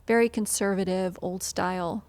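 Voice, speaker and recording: A woman's voice: mid-range voice, steady tone, normal speed, a little mellow, dry recording. A woman from Western Illinois sharing her upbringing in a casual podcast conversation, earnest and reflective.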